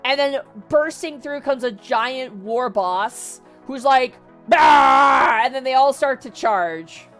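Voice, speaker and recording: A woman vtuber retelling a story in a casual, excitable, slangy way, chatting to her viewers. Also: high-pitched, takes it slowly, few pauses, soft background music.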